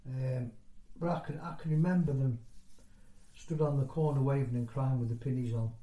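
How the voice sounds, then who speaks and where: Man in his sixties, mellow rambling storyteller. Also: mid-range voice, fairly even intonation, normal speed. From North East England. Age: 60s. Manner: rambling, conversational storytelling with broken-off phrases. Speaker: interviewee. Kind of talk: oral history interview. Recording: roomy echo.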